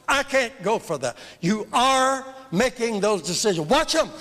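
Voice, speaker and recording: A man's voice: extremely high pitch, bright, forceful tone. Fervent older male evangelist, echoing hall. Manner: emphatic, fervent, repeats phrases for emphasis. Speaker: evangelist teaching a seminar. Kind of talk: sermon-style seminar teaching. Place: church hall. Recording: long reverb of a large hall.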